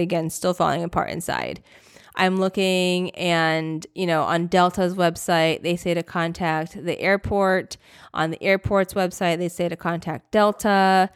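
A young adult woman hosting a podcast, telling a story in a rambling, animated way with many fillers and self-corrections. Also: fairly low pitch, clean tone, no room sound, studio quality. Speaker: podcast host. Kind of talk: casual storytelling.

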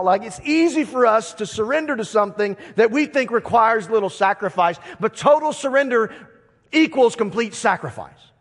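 A middle-aged man preaching with a high, bright-pitched voice that rises and falls between hushed asides and ringing emphasis. His words carry a long reverb, as if spoken in a large church hall. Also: normal speed. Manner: animated preaching, swings from quiet asides to emphatic declarations. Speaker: pastor. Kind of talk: sermon.

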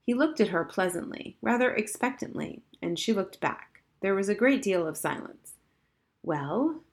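A woman reading a children's novel aloud in an even, measured storybook narration. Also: mid-range voice. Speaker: audiobook narrator.

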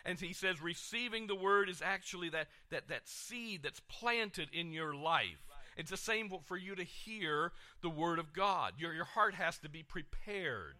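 Middle-aged male preacher, bright and somewhat high, animated sermon delivery. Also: unhurried, few pauses. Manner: animated preaching, swings from soft to loud, repeats words. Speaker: pastor.

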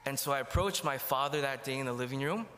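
A man's voice: medium pitch, fast, sharp tone. A man giving a sermon testimony in a church, telling his story and acting out the dialogue. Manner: storytelling, acts out quoted dialogue. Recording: long hall reverb.

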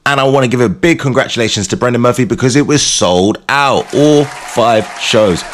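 A man's voice: mid-range voice, moderate pace, some chatter behind. A man hosting his show, telling playful comic stories in a casual monologue. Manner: animated, playful storytelling. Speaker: show host.

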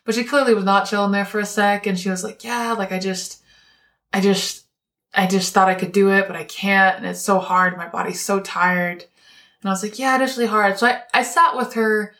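A woman's voice: mid-range voice, steady tone, brisk, fairly bright tone. Woman chatting, laughs often. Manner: laughs often, quotes people in dialogue. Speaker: co-host telling a story. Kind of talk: casual storytelling chat.

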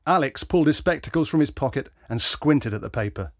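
A man narrating a story in a gentle, expressive storytelling manner. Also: medium pitch, a little fast, dry recording, studio quality. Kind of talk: storybook reading.

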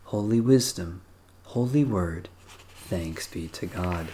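Male prayer leader, unhurried and solemn, mellow dark tone. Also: sits low, animated, slight background noise. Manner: measured, solemn liturgical reading. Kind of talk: slow recited evening prayer.

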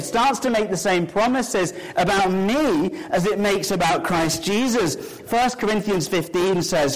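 A man's voice: high-pitched, measured pace, few pauses, low-quality recording. A man preaching in a church, playful and chatty with the children and the congregation. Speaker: pastor. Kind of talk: sermon with a live object lesson. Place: church sanctuary with balcony.

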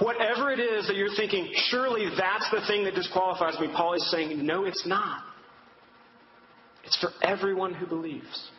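A campus minister with a voice that sits high preaches earnestly in a large hall, speaking directly to listeners and offering repeated reassurance. The sound is dull and echoey, with a little hiss or hum.

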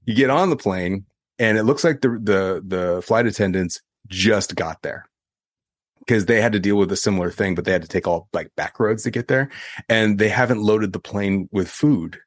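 A young man co-hosting a podcast, telling a story in a casual, animated way and acting out the quotes. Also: lowish voice, normal speed, dry recording, clean studio sound. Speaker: podcast co-host.

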